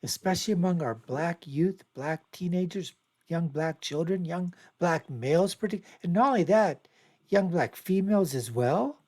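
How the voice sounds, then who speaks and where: A man's voice: on the high side, animated, normal speed, a little mellow. Rambling male show host. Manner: rambling, repetitive, emphatic. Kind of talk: casual commentary on video clips.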